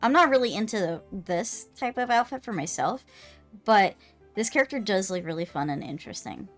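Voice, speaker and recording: A woman's voice: mid-range voice, animated, normal speed, a bit bright, soft background music. Chatty woman streaming a cozy game. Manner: chatty, gushing, reading dialogue aloud. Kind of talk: casual game commentary.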